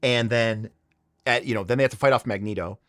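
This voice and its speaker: A man's voice: mid-range voice, fairly quick, fairly bright tone, no room sound. A man in the middle of his range hosts a casual livestream, rambling through a story with plenty of "um"s and "you know"s. He sounds eager and carried away by his own telling. The sound is dry and close, with no room around it. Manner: rambling, enthusiastic storytelling with many fillers. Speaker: livestream host.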